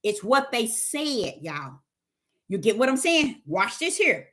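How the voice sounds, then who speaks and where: A woman's voice: a little high, sing-song, takes it slowly, a bit bright. A woman teaching the Bible on a livestream, emphatic and repetitive, firing rhetorical questions at her chat.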